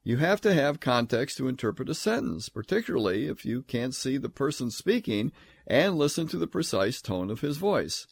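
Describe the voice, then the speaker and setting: A man giving a scripture lecture, emphatic, reading verses aloud in a measured, solemn tone. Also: medium pitch, sing-song, gravelly, slightly rough, no room sound. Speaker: Bible teacher.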